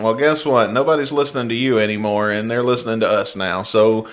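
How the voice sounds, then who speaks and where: A man's voice: fairly low pitch, fairly even intonation, fairly quick, few pauses. A man, hosting a podcast and telling a story in casual, profane chat. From Mississippi, US. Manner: storytelling, swearing, laughing often. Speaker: podcast host.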